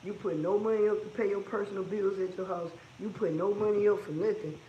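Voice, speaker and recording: A man's voice: high voice, steady tone, a little fast, echoey room, muffled recording, a little hiss or hum. A man who owns a trucking business, talking casually and bluntly about its costs, repeating his points for emphasis. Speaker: trucking business owner giving advice. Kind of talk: casual advice monologue.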